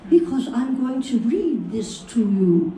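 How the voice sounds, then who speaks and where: A woman's voice: a little high, very animated, slow pace, mellow, far from the mic, a little hiss or hum. Older woman in an echoey hall. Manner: chatty, fond, reminiscing. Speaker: convention panel guest. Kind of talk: storytelling anecdotes. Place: large convention hall.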